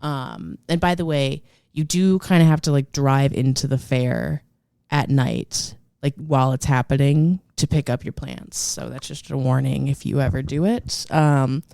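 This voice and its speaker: A woman co-hosting a podcast, telling a story in a rambling, animated way full of fillers. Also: rumbling low, measured pace, gravelly, no room sound, studio quality. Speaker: podcast co-host. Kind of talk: casual storytelling chat.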